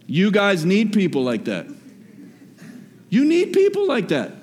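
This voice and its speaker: A man preaching a sermon to his church, swinging between rising exhortation and hushed, low asides. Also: wildly swooping pitch, unhurried, slightly rough. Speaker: pastor. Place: church hall. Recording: long hall reverb.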